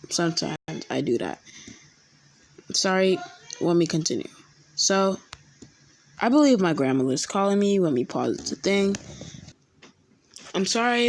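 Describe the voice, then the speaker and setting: A young woman casually telling a fan-made story, halting often with ums and restarts. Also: deep voice.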